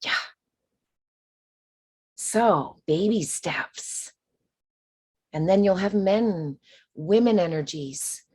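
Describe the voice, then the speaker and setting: A woman teaching a spiritual course in a chatty, expressive way, acting out quoted voices and sometimes dropping to a whisper. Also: on the low side, drawn-out words, long pauses, breathy edge.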